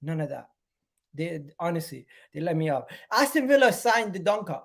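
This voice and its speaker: A man hosting a live fan stream, ranting in frustration and repeating his phrases again and again, swinging from loud outbursts to low muttering. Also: sing-song, normal speed, creaky. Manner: exasperated, repeats phrases over and over. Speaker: fan channel host.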